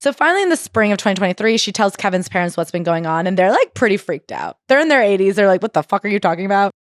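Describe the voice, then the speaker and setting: A woman's voice: mid-range voice, big pitch swings, fast, no room sound, studio quality. A woman co-hosting a podcast, retelling a memoir in casual chat and acting out quotes. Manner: chatty, acts out quotes with swearing. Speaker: podcast co-host.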